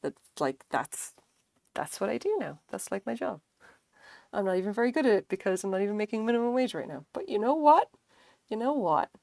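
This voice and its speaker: A woman's voice: mid-range voice, a little mellow, no echo. A woman streaming live, chatting casually and rambling while she crochets, with lots of fillers and casual swearing.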